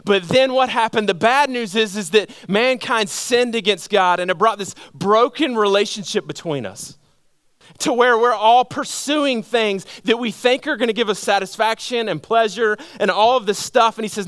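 A middle-aged man preaching to his congregation in casual story form, with rhetorical questions, swinging between loud emphatic peaks and quiet low passages. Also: moderate pace, clear, resonant tone, no echo, studio quality. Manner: conversational storytelling, asks audience rhetorical questions. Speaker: pastor. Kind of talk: sermon. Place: church hall with a congregation.

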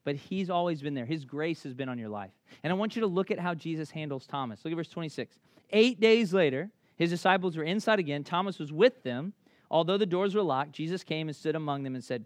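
A man's voice: fairly high pitch, no room sound. A man in his thirties from Memphis with a thick Southern accent, preaching a conversational, story-filled sermon. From Memphis, Tennessee. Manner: conversational, animated storytelling with quick restarts. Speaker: pastor.

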